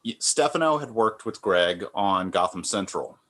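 A man with a somewhat low voice speaks as a guest in a relaxed interview. He rambles gently and runs his thoughts through plenty of fillers, restarts and modest asides. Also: moderate pace. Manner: rambling, self-deprecating, many fillers and restarts. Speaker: comic artist guest.

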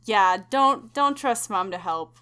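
A woman's voice: medium pitch, animated, bright, forceful tone, clean tone. A woman co-hosting a podcast, recapping a movie in casual chat with wry asides. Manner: wry asides, quick to laugh. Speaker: podcast co-host.

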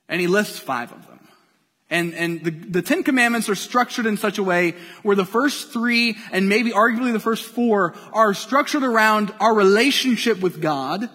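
A man's voice: high voice, fairly bright tone, in a large hall. A man preaching a sermon in a conversational way, acting out the voices of people he quotes. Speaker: pastor.

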